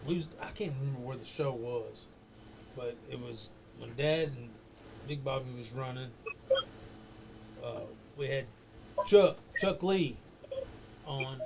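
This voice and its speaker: A man's voice: mid-range voice, measured pace, gravelly, pauses often, background noise. A man casually telling a rambling, profane backstage story as a guest on a talk show, laughing as he goes.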